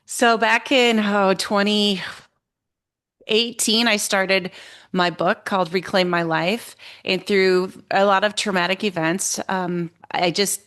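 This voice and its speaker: A young woman speaking as a guest on a podcast. Her voice sits at an ordinary middle pitch, and she answers thoughtfully, pausing and restarting her phrases as she goes. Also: steady tone, fairly bright tone. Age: young adult. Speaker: guest, resilience coach. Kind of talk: casual interview answers.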